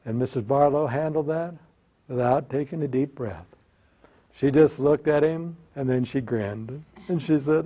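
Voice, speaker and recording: A man's voice: mid-range voice, a little slow. A man presenting a workshop to teachers, telling joking, self-mocking classroom anecdotes and leading the audience in repeating phrases. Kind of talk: storytelling lecture with audience call-and-response. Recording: slightly dull lo-fi recording.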